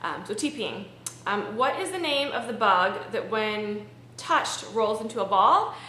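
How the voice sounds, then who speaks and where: A woman's voice: mid-range voice, lively intonation, unhurried, bright, forceful tone, slight background noise. A woman from Maryland chatting casually to her camera, rambling with lots of ums. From Maryland, USA. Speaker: vlogger. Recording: echoey room.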